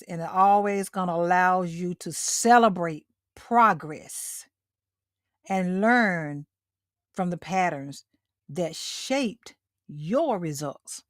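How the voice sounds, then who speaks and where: Middle-aged woman hosting a live motivational talk, slow and deliberate, says things twice, dry close sound. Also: mid-range voice, no echo. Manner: repeats key lines for emphasis, addresses listeners directly. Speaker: host.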